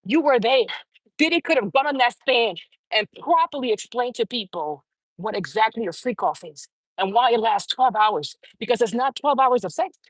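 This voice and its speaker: A woman's voice: fairly high pitch, expressive, moderate pace, breathy edge, no echo. A woman hosting her own show, giving heated, profane opinion commentary and repeating phrases for emphasis. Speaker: show host.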